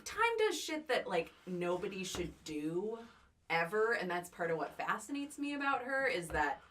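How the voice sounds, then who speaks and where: A woman player at a tabletop game explaining her character's thinking out of character in a rambling, animated way. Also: on the low side, recorded from a distance, a little hiss or hum. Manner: rambling, animated, laughs easily.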